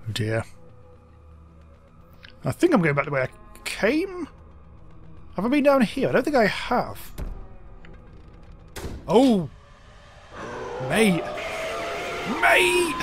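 A young man talks his way through a video game in a chatty, wry let's-play style, breaking into exclamations when something jumps out. His voice sits a little high and swings widely in pitch. He sounds close to a desk mic. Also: huge pitch swings, a little slow, pauses often, soft background music. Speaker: gaming YouTuber.

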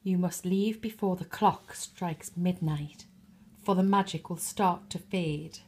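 A woman voicing a kind fairy godmother with a gentle, musical way of speaking in a storybook reading. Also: fairly low pitch, takes it slowly, slightly rough, heavily acted.

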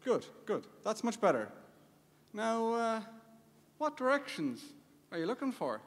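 A man's voice: high voice, big pitch swings, measured pace. A man with an Irish accent, playing a local in a comic stage sketch, folksy and exasperated. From Ireland. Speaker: Irish community member on stage. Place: conference hall stage. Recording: live stage mic in a hall.

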